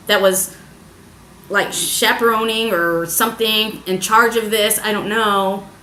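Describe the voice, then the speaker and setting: A young woman telling a personal story in a confessional vlog, halting and hesitant, emotional as she searches for words. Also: mid-range voice, sharp tone, slight background noise. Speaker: vlogger. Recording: echoey room.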